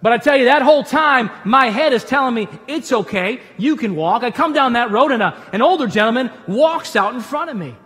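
A man, a pastor, giving a conversational sermon in a church auditorium with animated storytelling and humorous asides. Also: very high voice, brisk, few pauses, in a large hall.

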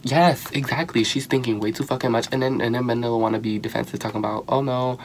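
A young man giving casual, sassy and profane commentary on a reality show, animated and quick to exclaim. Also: mid-range voice, slight background noise. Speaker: reality TV reviewer.

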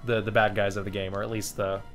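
A man's voice: lowish voice, flat delivery, quick pace, fairly bright tone, soft background music. A man giving casual commentary as he plays a game, chatty and profane, easily amused and talking to his viewers. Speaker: let's play host.

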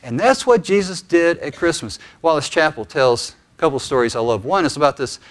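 A man preaching a sermon as pastor, telling stories earnestly with deliberate pauses. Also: fairly high pitch, expressive.

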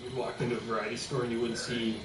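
A man's voice: medium pitch, little pitch movement, quick pace, background noise. A middle-aged man with a Canadian accent, chatting casually and profanely while gaming and telling rambling stories. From Ontario, Canada. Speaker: streamer. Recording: roomy, distant mic with game music. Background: video game music.

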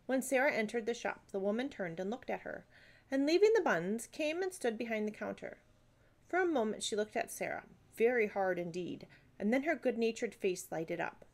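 A woman's voice: on the high side, expressive, normal speed, darkish tone. A woman reading a classic novel aloud into a phone, unpolished, with slips and small asides. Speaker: audiobook reader.

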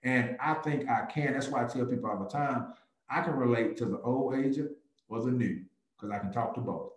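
A man, a real estate agent speaking as a guest on a video call, who tells stories lively and acts out little conversations. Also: moderate pace, reverberant, poor audio. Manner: animated, jumps into a higher voice to act out chats. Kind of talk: lively talk with acted-out dialogues.

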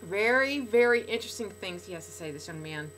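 A middle-aged woman talking casually to fans in a video blog, bubbly and gushing, swinging between loud excitement and soft sincerity. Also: mid-range voice, brisk, slight background noise. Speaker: podcast regular speaking to fans.

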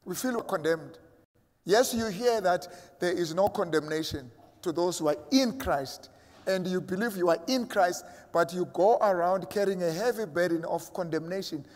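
A man's voice: sits high, moderate pace, a little mellow, long reverb tail. A man preaching a sermon as a pastor, emphatic and acting out imagined voices of his listeners. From South Africa.

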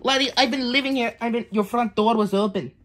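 A woman's voice: a little high, a little fast, close to an everyday voice. A woman voicing a grumpy male penguin Pokemon with a put-on Scottish accent. She scolds the others and keeps calling them laddie. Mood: dismissive. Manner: scolding, calls people laddie. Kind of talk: puppet video voice acting.

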